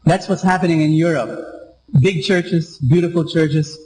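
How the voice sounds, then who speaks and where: A Filipino man preaches a sermon in a notably high voice. He tells his story earnestly and slows down to stress the points that matter. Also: a little mellow, low-quality recording. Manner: earnest storytelling, slowing down for emphasis. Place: church or radio broadcast.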